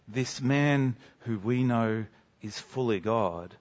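A man preaching a sermon in an earnest, emphatic way, dropping to soft, slow lines for drama. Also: on the low side, lo-fi sound.

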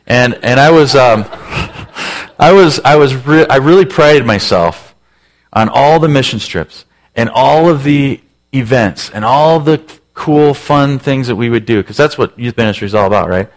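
A man's voice: medium pitch, animated, unhurried. A man in his forties, a pastor telling a self-mocking story in a sermon, acting out voices with lots of energy.

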